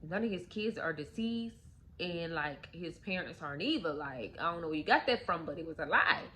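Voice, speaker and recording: A woman's voice: fairly low pitch, animated, normal speed, bright, forceful tone, poor audio. A woman voicing a blunt, matter-of-fact female probation officer who answers offhandedly. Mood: offhand blunt.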